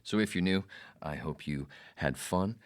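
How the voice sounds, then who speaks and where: Deep-voiced man, podcast host, swears a lot, rambles through a funny story. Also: a little slow. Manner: profane, rambling, jokey. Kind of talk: casual storytelling monologue.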